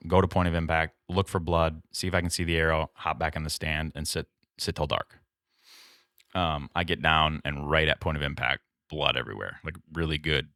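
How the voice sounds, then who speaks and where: Deep-voiced man telling a hunting story. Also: sharp tone, dry recording, studio quality. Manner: rambling, filler-heavy retelling with many "like"s. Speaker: podcast co-host. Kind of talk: casual storytelling chat.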